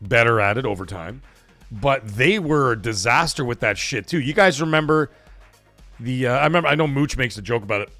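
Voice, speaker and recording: With faint music behind him and a dry recording, a man in a medium-pitched voice speaks briskly on his casual livestream. He swears freely and reads out viewers' donations with excitement, his voice catching as he grows emotional.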